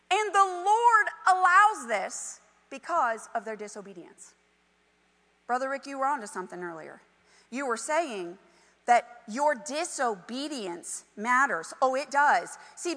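A woman preaching a sermon, animated and emphatic, with conversational asides to the congregation. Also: high-pitched, big-room sound. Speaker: pastor.

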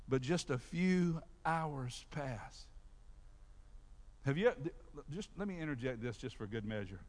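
A man preaching a sermon as pastor, talking straight to his congregation in an animated way. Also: mid-range voice, measured pace. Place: church sanctuary. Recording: long reverb of a large hall.

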